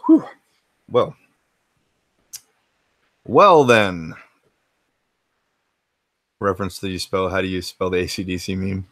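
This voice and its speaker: A man's voice: deep voice, sing-song, slow pace, long pauses, a bit bright, no echo. An American man hosting a casual retro gaming livestream from his home game room, laid-back and rambling, swearing freely as he answers chat. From United States.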